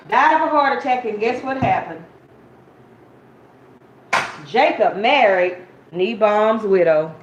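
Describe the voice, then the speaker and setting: A woman's voice: medium pitch, expressive, slow pace, long pauses. A woman preaching an informal sermon, telling a Bible story in a chatty, conversational way and calling her listeners y'all. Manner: conversational, addresses listeners as y'all, acts out quotes. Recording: muffled, roomy, faint hiss.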